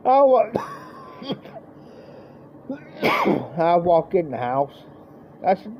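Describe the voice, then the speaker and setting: A man with a Midwestern American accent slowly unspools a rambling, folksy story on a live stream, doing voices for its characters. His voice sits high and has a sing-song lilt, broken by long pauses. Expect dull lo-fi stream audio with faint background noise.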